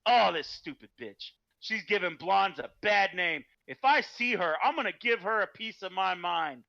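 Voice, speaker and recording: An indignant, foul-mouthed young blonde woman rants at a stranger, as a man puts her on while telling a joke among friends. Her voice is bright and forceful, with lively swings in pitch. The sound is dry and a little dull. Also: moderate pace, vocal fry, dry recording. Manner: ranting, indignant.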